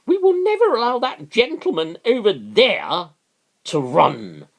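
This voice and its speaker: A man doing a higher-pitched impression of a female prime minister who declaims defiantly at the dispatch box. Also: wildly swooping pitch, measured pace, gravelly, heavily acted.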